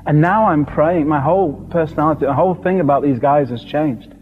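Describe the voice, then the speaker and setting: A middle-aged British man preaching a sermon, telling a personal story in an animated, vivid way. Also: fairly high pitch, brisk, hardly any pauses, slight background noise. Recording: dull lo-fi recording with long hall reverb.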